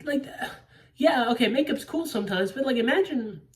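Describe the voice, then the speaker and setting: A woman reacting to a movie trailer in a rambling, profane, excitable fan chat. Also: high voice, moderate pace, recorded from a distance.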